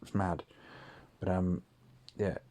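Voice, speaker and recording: A deep-voiced man rambling through a late-night anecdote, peppering it with swearing and plenty of ums. His delivery is loose and conversational, storytelling to himself in an audio diary. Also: fairly even intonation, slow, dark tone. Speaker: audio diarist. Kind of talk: casual storytelling monologue.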